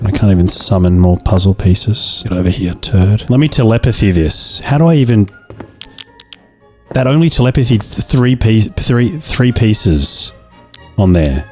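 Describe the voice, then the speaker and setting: A young man does let's-play commentary in a lowish, expressive voice, moderately paced and a little mellow. He jokes and plays up his own failures with mock drama as faint game music runs behind him.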